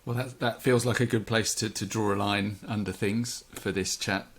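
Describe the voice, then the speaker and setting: A man's voice: lowish voice, steady tone, moderate pace. A man hosting a podcast, politely wrapping up an interview with his guest. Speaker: podcast host. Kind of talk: casual interview wrap-up.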